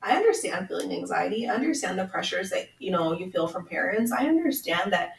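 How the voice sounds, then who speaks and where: A woman's voice: on the low side, sing-song, a little fast, vocal fry, recorded from a distance, slight background noise. A young woman from Washington State, a podcast guest speaking earnestly and from the heart, with lots of "like" fillers. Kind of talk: candid conversation. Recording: roomy sound, a bit off-mic.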